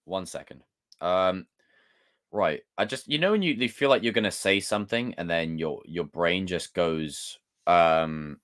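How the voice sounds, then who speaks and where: Give me a man with a low, very animated voice, hosting a live chat stream. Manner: excitable, swearing, jumpy and joking. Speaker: livestream host. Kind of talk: live chat, reading viewer comments.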